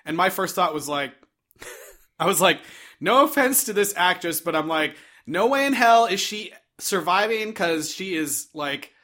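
Lively high-voiced man recapping a film. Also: unhurried. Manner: animated storytelling, lots of "like". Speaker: podcast co-host. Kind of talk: casual movie recap chat.

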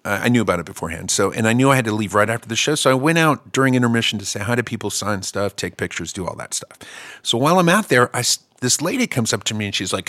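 A man's voice: medium pitch, animated, a little fast, bright, forceful tone, no room sound, studio quality. A middle-aged man hosting a podcast, telling stories in a profane, joking way and acting out both sides of each conversation. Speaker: musician and podcast host. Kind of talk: casual storytelling chat.

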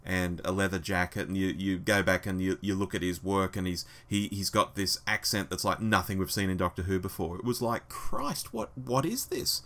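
A man co-hosts a casual fan podcast, his low voice carrying a bright, forward edge. He talks animatedly, laughs easily and jumps into a higher voice to act out quotes. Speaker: podcast co-host.

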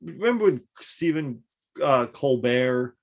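A man's voice: mid-range voice, lively intonation. A man co-hosting a casual podcast, chatting about the news with frequent restarts. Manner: conversational, halting restarts. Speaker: podcast co-host. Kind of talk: casual political chat.

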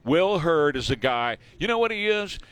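Male radio host, animated joking banter, fairly high voice with a wide swing. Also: moderate pace, dry recording. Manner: animated, joking, repeats phrases. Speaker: radio talk show host. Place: radio studio. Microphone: studio microphone.

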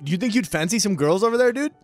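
High, lively man cracking crude jokes. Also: racing, faint music behind. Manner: crude wisecracks and frequent laughter. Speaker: podcast co-host. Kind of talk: casual chat, joking banter.

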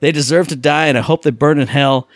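A young man co-hosting a casual gaming podcast, excitable and swearing freely, on a close mic. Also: on the high side, fast. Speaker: podcast co-host.

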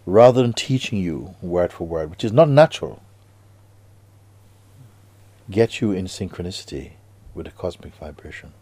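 A man giving a spiritual talk to students, slow and hushed with sudden emphatic rises, and slightly non-native grammar. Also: deep voice, lively intonation, slightly rough, dry recording. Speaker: spiritual teacher.

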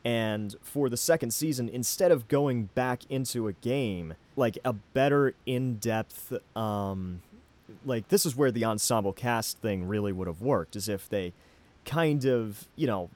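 A man on a podcast who talks at an even, middling pitch. He rambles through his thoughts with a lot of ums, uhs and restarts. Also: measured pace. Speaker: podcast host. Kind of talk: casual anime discussion.

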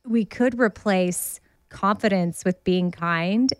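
This woman co-hosts a casual podcast chat over a remote video call, speaking with a Southern US accent and laughing often. Her voice is medium in pitch, slow-paced, and smooth, with no room sound.

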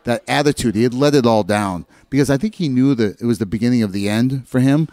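Speaking fast at a medium pitch with no room sound, a middle-aged ex-hockey player swaps locker-room tales in relaxed conversation. He's an animated storyteller who performs the voices of the people he quotes.

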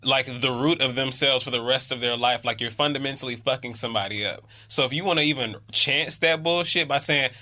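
A man's voice: medium pitch, fairly quick, hardly any pauses, pushed and bright. A man making a heated, emphatic point in casual chat, swearing as he goes.

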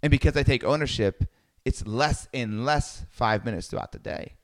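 A man telling a personal travel story in a lively way, acting out the people he quotes. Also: mid-range voice, moderate pace. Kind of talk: storytelling talk.

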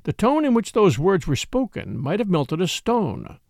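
A male audiobook narrator reads in a theatrical, expressive manner. His voice sits a little high for a man and moves a great deal. The recording is dry and close. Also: normal speed, dry recording. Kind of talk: scripted narration.

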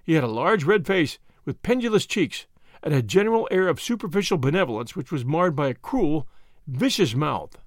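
A man narrating a story with measured, expressive storytelling. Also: fairly high pitch, no room sound, clean studio sound. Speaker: audiobook narrator. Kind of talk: scripted narration.

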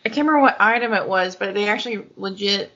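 A woman tells a rambling, amused story in casual chat. The recording is muffled, and noise runs clearly underneath her. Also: mid-range voice, fast talker.

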